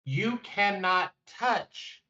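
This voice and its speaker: Emphatic co-host, middling pitch, dull lo-fi audio. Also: animated, extremely slow, bright, forceful tone, distant mic. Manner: emphatic, opinionated, firm. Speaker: podcast co-host. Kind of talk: casual wrestling chat.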